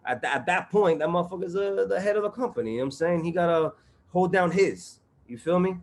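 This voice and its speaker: A man's voice: high voice, lively intonation, quick pace. Profane, slangy man telling a story. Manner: profane, loose street slang, many fillers. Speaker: podcast guest. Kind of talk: casual storytelling.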